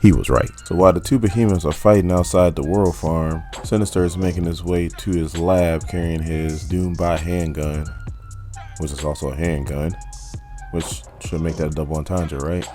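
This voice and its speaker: A man with a very deep, low voice recaps a comic book in a loose, chatty way, tossing in joking asides for his viewers. Faint music plays underneath. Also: little pitch movement, normal speed, mellow. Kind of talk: casual comic recap narration.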